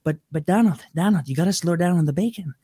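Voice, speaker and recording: A man's voice: high voice, quick pace, dark tone, slightly rough. A man doing a boastful rambling older politician. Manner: boastful rambling with self-deprecating jokes. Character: brash older male politician rambling about himself. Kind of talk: comic impression in casual chat.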